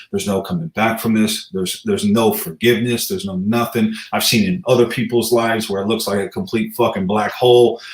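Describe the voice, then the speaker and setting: A man's voice: on the low side, reverberant, rough recording. A man in his thirties, a rapper, chatting loosely in an interview, swearing and laughing as he tells stories. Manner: loose, profane, laughing storyteller. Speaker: guest rapper. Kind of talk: casual interview chat.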